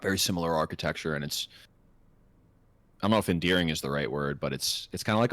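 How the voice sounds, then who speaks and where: A man co-hosting a podcast, telling a profane, animated anecdote in a casual chat. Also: rumbling low, fast, pauses often, dry recording. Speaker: podcast co-host.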